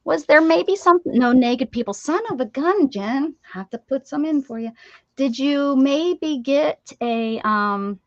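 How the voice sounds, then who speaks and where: A woman hosts a craft livestream, chatting casually and jokingly while opening her mail and laughing often. Her high voice has lively intonation and a measured pace. The dry recording has dull lo-fi stream audio with faint hiss.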